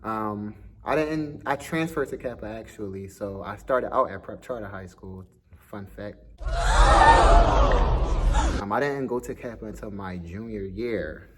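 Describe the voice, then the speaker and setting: A man's voice: lowish voice, measured pace, noisy background. A young man with a slight lisp, talking casually and a bit nervously to camera in his first vlog. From Philadelphia. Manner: chatty, self-conscious, laughs easily. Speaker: vlogger, dance school owner.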